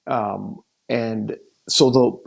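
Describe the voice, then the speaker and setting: Gravelly man chatting hockey on a podcast. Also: lowish voice, fairly even intonation, drawn-out words. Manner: thinks aloud, frequent restarts, candid. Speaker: podcast co-host and hockey analyst. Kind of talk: casual sports chat.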